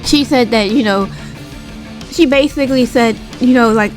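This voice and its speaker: A woman's voice: normal speed, faint music behind. A woman casually recapping a wrestling show in a vlog, chatty and full of fillers. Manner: animated retelling, acts out quotes in a higher voice; chatty with frequent fillers and asides.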